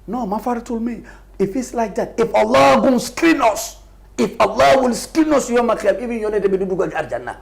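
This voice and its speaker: A middle-aged man from Gambia argues his case in a live interview. His voice is gravelly and his delivery emphatic and impassioned. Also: very high-pitched, animated, brisk. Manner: emphatic, passionate, laughs often. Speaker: party official as guest.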